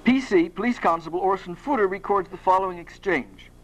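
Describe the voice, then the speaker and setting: A man's voice: high-pitched, brisk, poor audio. A man reading his own fiction aloud at a university, with a dry, wry delivery. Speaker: author giving a reading. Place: university lecture hall.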